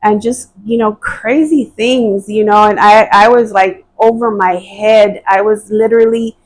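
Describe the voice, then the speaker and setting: A woman's voice: medium pitch, fairly even intonation, a little slow, slight background noise, rough recording. A woman telling her personal testimony as a podcast guest, speaking hesitantly and earnestly, with frequent fillers and restarts.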